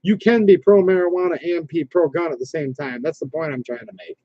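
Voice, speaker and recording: Guy rambling on a livestream reading chat comments, kinda high mellow voice, dull lo-fi sound. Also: brisk, dry recording. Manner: rambling, reads viewer comments aloud, frequent restarts. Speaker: livestream host. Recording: dull lo-fi stream audio.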